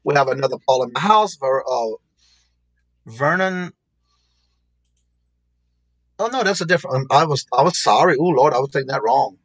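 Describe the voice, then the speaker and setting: A man's voice: medium pitch, expressive, normal speed, long pauses, breathy edge, dry recording, rough recording. A man hosting a casual livestream, greeting viewers in the chat by name and laughing often. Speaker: livestream host.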